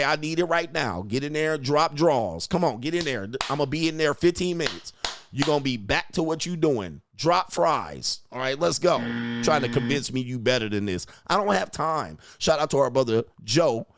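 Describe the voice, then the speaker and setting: A man's voice: on the high side, a little hiss or hum. A man hosting a livestream as a coach, ranting in a profane, mocking way and laughing at his own jokes. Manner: profane, mocking, emphatic rant. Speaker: host, relationship coach. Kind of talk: livestream commentary rant.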